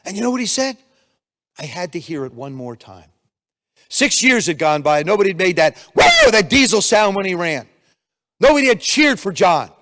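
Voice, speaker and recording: An older man giving a motivational keynote speech, energetic storytelling with acted-out quotes, in a conference room on a handheld mic. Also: sits high, moderate pace. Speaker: keynote speaker. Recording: long reverb of a hall.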